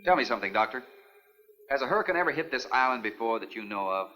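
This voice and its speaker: A man acting out a plain-spoken sea captain in a 1950s film. He talks fast and bluntly in an easygoing way. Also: mid-range voice, lively intonation, music in the background, close to an everyday voice, poor audio. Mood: casual. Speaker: boat captain.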